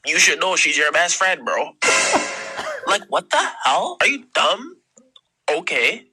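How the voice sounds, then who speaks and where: A man's voice: sits high, sing-song, takes it slowly, background noise, exaggerated voice. An overdone slangy young Toronto guy. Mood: accusing. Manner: exaggerated slang-heavy delivery. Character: young man in a love-triangle skit. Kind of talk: comedic skit dialogue. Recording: played back from a video.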